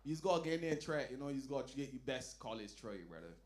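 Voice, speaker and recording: A man performing a stand-up comedy set, telling loud, animated stories and dropping into low asides. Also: rapid-fire. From Barbados. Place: lounge comedy night.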